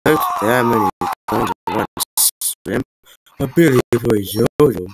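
A man giving rambling, excitable, self-mocking gameplay commentary. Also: medium pitch, unhurried, heavy background noise. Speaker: gamer.

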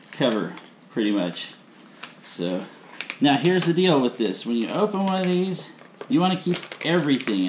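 A man hosting his own cooking video in a home kitchen, talking in a rambling, chatty way full of asides. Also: medium pitch. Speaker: cooking channel host. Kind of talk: casual cooking vlog. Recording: echoey kitchen with faint room noise.

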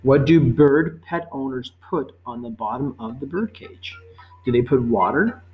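A man teaching a life-skills quiz, reading each question slowly and patiently, then repeating it before giving the answer. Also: medium pitch, animated, muffled recording, soft background music. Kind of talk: quiz lesson narration.

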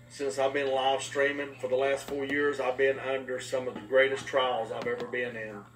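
Animated preaching man in an echoey room. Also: mid-range voice, moderate pace, soft background music. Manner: animated storytelling with voiced quotes. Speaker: pastor. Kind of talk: sermon. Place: live-streamed talk. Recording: echoey room from far off, faint noise.

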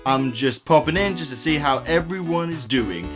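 Goofy man with a bouncy, lively voice. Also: a little high, moderate pace, music in the background. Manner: playful and jokey, with sudden silly outbursts. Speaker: YouTuber reading viewer comments. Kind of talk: goofy comment-reading vlog.

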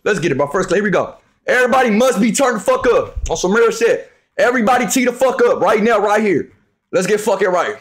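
Loud, profane young man streaming. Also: high-pitched, animated, a little fast. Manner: loud, profane, trash-talking, often shouting. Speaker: live streamer. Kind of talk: hyped live-stream chat with viewers.

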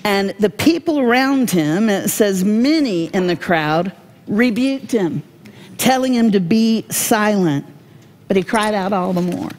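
A woman giving a devotional Bible teaching, folksy and humorous, with animated storytelling. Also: medium pitch, a little slow.

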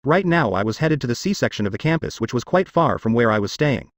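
A male audiobook narrator reads a first-person fantasy story as a wry, sardonic inner monologue. His pitch moves a lot from line to line. The recording is dry and close, with no room sound. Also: expressive, fast, no echo.

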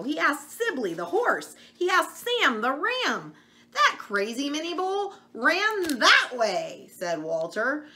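A middle-aged woman reading a children's picture book aloud, expressive, pausing to chat with young listeners. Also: medium pitch, a little hiss or hum. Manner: expressive, slow, chats to the listener between pages. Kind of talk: read-aloud storytelling for children.

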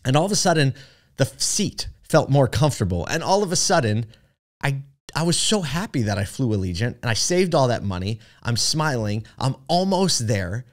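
A man's voice: mid-range voice, big pitch swings, normal speed. A man hosting a podcast, telling a story in a chatty way with many fillers and asides. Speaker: podcast host. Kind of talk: casual storytelling monologue.

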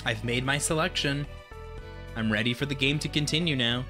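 A game streamer giving casual let's-play commentary, excitable and quick to swear and yelp at sudden scares. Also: medium pitch, over music. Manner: excitable, swears a lot, yelps at jump scares.

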